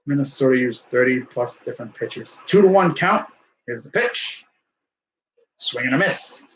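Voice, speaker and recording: A young man hosting a live baseball reaction stream, calling pitches casually with wry, laid-back asides. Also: expressive, normal speed, a bit bright, rough recording.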